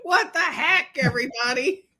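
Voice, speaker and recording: A woman co-hosting a casual chat, telling animated stories and laughing often. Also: high-pitched, normal speed. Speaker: podcast co-host.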